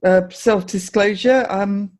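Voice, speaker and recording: A woman's voice: medium pitch, steady tone, slow pace, a little mellow. A middle-aged woman hosting a podcast, chatting casually with many fillers and restarts. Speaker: podcast host. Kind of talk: casual interview chat.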